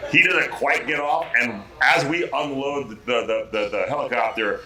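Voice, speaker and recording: A male actor, a guest on a bar talk show, telling animated stories with lots of restarts and swearing. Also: medium pitch, moderate pace, echoey room, poor audio. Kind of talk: casual chat, anecdote telling.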